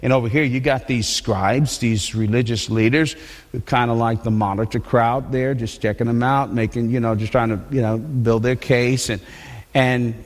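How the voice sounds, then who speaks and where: A man preaching a sermon in a conversational, animated way, often restarting his sentences. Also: medium pitch, moderate pace, long reverb tail. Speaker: pastor. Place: church.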